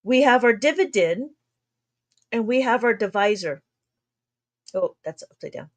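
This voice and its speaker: Woman, livestream abacus tutor, slightly high voice, chatty and quick to laugh. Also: expressive. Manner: chatty, laughs often, talks fast, tries to slow down. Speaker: abacus math teacher. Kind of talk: livestream math lesson.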